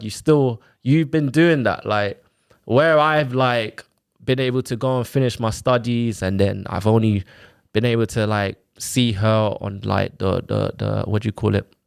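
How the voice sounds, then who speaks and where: A man, telling his own story on a podcast in a casual, animated way, full of quoted back-and-forth and fillers like "like" and "innit". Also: mid-range voice, moderate pace, creaky, smooth. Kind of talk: casual chat, personal story.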